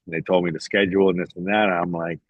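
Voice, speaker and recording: A man's voice: low-pitched, flat delivery, rapid-fire, dry recording, dull audio. A man in a casual podcast chat, telling a rambling, profane story and acting out what others said to him. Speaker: podcast guest.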